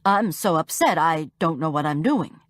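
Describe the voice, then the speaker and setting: A woman's voice: sits low, expressive, moderate pace, no echo, clean studio sound. A woman voicing a flustered older man, a judge shaken by what he just saw, in an audiobook. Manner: flustered, apologetic.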